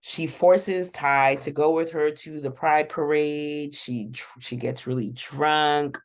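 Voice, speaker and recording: A woman's voice: sits low, fairly even intonation, slow. A woman hosting a casual, rambling reaction recap of a TV episode, chatting to viewers and laughing often. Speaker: show reaction host.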